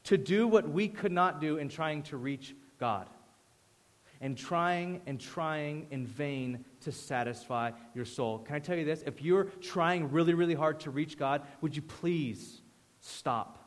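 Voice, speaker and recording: A man preaching a sermon as pastor, conversational and animated, dropping to a hush for emphasis. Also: a little high, unhurried, long reverb tail. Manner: animated, conversational storytelling with sudden hushed drops.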